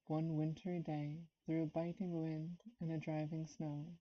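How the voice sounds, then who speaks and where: A woman with a low voice and level tone reads a classic novel aloud unhurriedly on a live stream. Somewhat nervous, she pauses now and then to comment and greet chat viewers, and the stream audio is dull and lo-fi.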